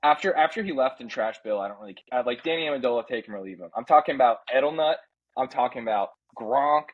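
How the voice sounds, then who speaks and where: A man co-hosting a casual sports podcast, ranting with big swings in pitch and level and slipping into mock impressions of ads. His voice is mid-pitched and ordinary, and his delivery is loose and excitable. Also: fast, dull audio. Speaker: podcast co-host.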